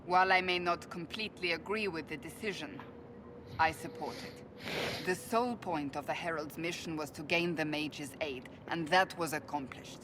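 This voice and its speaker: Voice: mid-range voice, steady tone, normal speed, background noise, lightly acted. An actress voicing a stern, blunt warrior woman in a video game, speaking firmly. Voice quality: blunt, firm.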